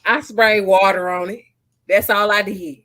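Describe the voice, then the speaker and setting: A woman's voice: mid-range voice, fairly even intonation, measured pace, fairly bright tone. A woman co-hosting a casual chat show, blunt and emphatic, often laughing. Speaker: podcast co-host.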